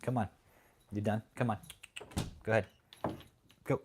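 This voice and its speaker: A man's voice: fairly low pitch, steady tone, unhurried, slightly rough. A male livestream host in casual chat, laid-back and profane.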